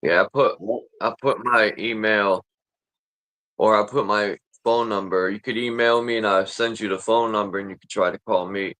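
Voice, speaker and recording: A man's voice: lowish voice, fairly even intonation, moderate pace, pushed and bright, no echo. A man hosting a loose, rambling voice chat with friends. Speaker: host. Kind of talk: casual voice chat.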